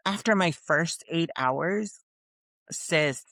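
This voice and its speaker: A woman from American Samoa, a podcast guest, telling her story in an animated, expressive way and acting out the quoted voices. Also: low voice, very slow, no room sound. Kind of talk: casual storytelling interview.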